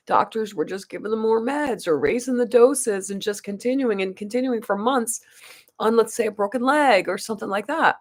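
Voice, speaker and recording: Her pitch sits fairly high, and a gravelly creak runs through it as the beauty vlogger talks right to her audience. She meanders through a lengthy tale, restarting frequently and stressing things emphatically.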